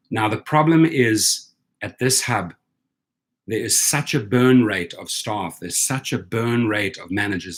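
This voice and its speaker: A rideshare driver who hosts a channel rants casually to the camera in a low, fairly bright, slightly rough voice. He tells viewers an indignant story about how he was treated, frequently checking in with "right?"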